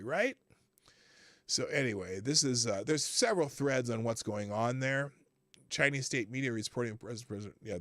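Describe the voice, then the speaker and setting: Male livestream host, political commentary, gravelly voice, swooping pitch, dry close sound. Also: no echo. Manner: animated, sarcastic and profane.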